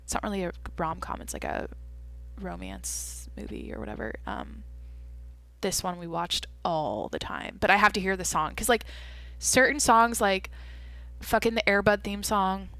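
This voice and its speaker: A woman's voice: medium pitch, animated, normal speed, sharp tone. A young woman hosting a solo podcast, chatting casually and rambling as she thinks aloud and swears often. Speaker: podcast host.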